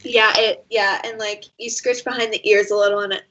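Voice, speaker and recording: A woman's voice: medium pitch, level tone, fairly quick, noisy background. A woman running a tabletop game as game master, narrating loosely with fillers. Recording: dull lo-fi sound.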